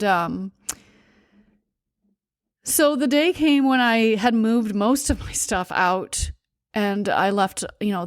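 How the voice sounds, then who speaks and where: A woman's voice: mid-range voice, clear, resonant tone, no room sound, studio quality. A young adult woman hosting a podcast, telling a personal story candidly and confessionally, laughing between words. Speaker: podcast host.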